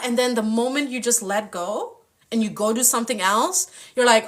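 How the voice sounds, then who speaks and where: A woman's voice: a little high, normal speed, a bit bright. A young adult woman hosting a spiritual live stream with tarot readings, talking passionately and casually, swearing often and acting out playful impressions.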